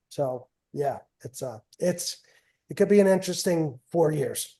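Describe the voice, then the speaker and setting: A middle-aged wrestling coach telling stories in a casual interview, rambling and repeating phrases with a self-mocking humor. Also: male voice, on the high side, animated, measured pace, gravelly, warm tone.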